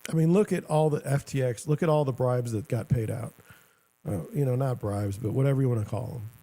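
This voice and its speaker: Middle-aged male host, gravelly, dark tone, rambling sarcastic commentary. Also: medium pitch, fairly quick. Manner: rambling, sarcastic, self-interrupting. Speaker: show host. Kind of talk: casual commentary.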